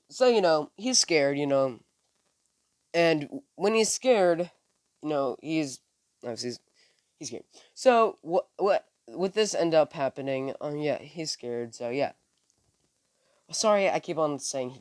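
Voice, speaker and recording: A man's voice: a little high, expressive, a little slow, pauses often, no echo. Rambling man retelling a fan story. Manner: rambling, many fillers and self-corrections. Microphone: phone. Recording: dry close phone recording.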